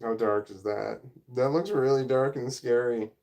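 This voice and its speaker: A man's voice: mid-range voice, unhurried, gravelly, darkish tone. A middle-aged man, hosting a casual livestream at home, reading chat and rambling off on tangents. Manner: rambling, easily sidetracked, self-deprecating. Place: home room, indoors. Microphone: camera or phone mic at desk.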